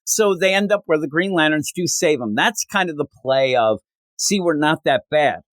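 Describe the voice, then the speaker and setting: A man talks comics on a podcast, his pitch swinging high and low as he recaps the story. He keeps jumping into the characters' lines with quick little voices. The sound is dry and close, with no room around him. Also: no echo. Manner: animated, acts out characters' lines while recapping. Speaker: podcast co-host. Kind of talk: casual comic book chat.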